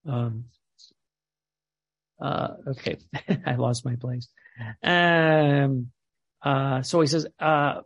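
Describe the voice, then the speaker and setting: A man's voice: fairly high pitch, gravelly, a bit bright, husky. A man preaching a sermon with fervor, reading quotations aloud with rising emphasis.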